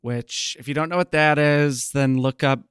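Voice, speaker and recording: A man's voice: a little high, fairly even intonation, normal speed, a bit bright, clean tone, no echo, studio quality. A man co-hosting a podcast, chatting casually with jokes and rambling tangents. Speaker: podcast co-host. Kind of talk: casual chat.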